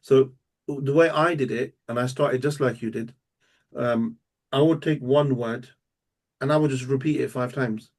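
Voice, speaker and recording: Male language teacher, patient and methodical, drills words slowly. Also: medium pitch, fairly even intonation. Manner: patient, explains step by step, repeats words slowly. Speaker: Arabic teacher. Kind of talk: live one-on-one language lesson.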